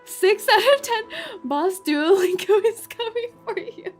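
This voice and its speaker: A woman's voice: extremely high pitch, lively intonation, measured pace, soft background music. A woman streaming a game playthrough. She chats playfully with her viewers, giggles often, and reads the story text aloud.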